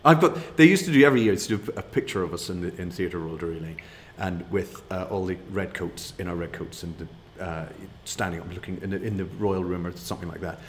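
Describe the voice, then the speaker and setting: A middle-aged man tells stories in a loose, rambling way, often laughing at his own punchlines. His voice sits a little low, with faint room sound behind him. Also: quick pace, hardly any pauses, slight background noise. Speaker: guest. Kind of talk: casual anecdote.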